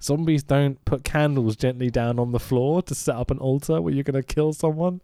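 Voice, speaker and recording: A man's voice: mid-range voice, steady tone, normal speed, dark tone, no echo, clean studio sound. A man co-hosting a casual film review podcast, sweary and sarcastic, often mock-quoting the characters. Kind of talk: casual chat.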